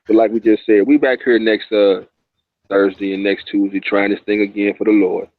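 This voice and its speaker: Lowish man's voice over a tinny phone line. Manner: slow, measured reading, relaxed talk. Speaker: co-host and scripture reader. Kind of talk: scripture reading and closing remarks.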